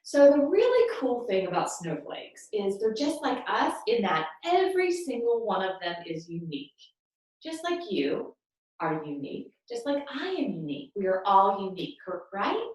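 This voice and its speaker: A woman's voice: medium pitch, sing-song, moderate pace, a little mellow, distant mic. Upbeat young woman teaching kids, echoey room. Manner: upbeat, encouraging, sing-song prompts. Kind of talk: guiding a children's movement lesson. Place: room at home.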